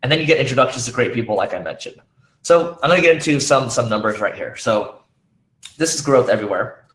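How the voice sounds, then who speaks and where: A man gives a conference talk with a roomy echo, his medium-pitched voice expressive, fast and fairly bright. The talk is casual and riddled with fillers and restarts, and his overused voice is giving out.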